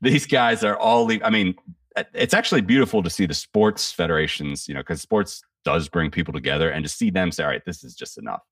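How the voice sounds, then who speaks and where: On a podcast, a man with an extremely low, slightly bright voice talks politics briskly, casually and with plenty of profanity. He's blunt, rambles and frequently restarts his sentences. He's far from the mic, and the recording is dry, with a dead-sounding room.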